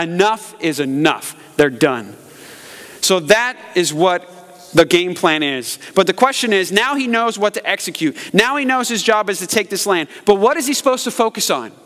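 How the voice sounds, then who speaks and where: A man in his thirties preaching a lively sermon as pastor, acting out quotes and jokes. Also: high voice. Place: church sanctuary. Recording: live sermon in a large reverberant hall.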